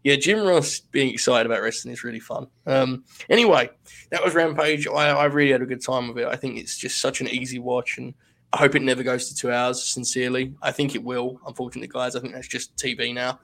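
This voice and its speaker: Man, podcast co-host, casual chat, laughs often, swears, rambling, mid-pitched. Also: fairly even intonation, fairly quick, gravelly, fairly bright tone.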